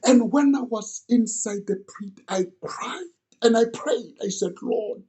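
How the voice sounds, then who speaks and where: A man's voice: very high voice, takes it slowly, warm tone. A young man earnestly retelling an old story in the first person, as if he lived it.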